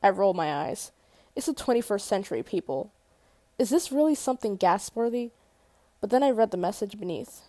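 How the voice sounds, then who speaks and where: A woman's voice: mid-range voice, expressive, normal speed, warm tone, dry recording. Woman reading a novel aloud. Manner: casual, self-correcting, swears at slips. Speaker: audiobook reader. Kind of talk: first-person novel reading with asides.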